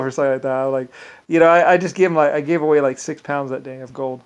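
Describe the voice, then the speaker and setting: A man's voice: medium pitch, fairly even intonation, quick pace, clean tone. A man talking in a rambling, casual monologue, often restarting sentences and slipping into quoted asides. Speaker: vlogger.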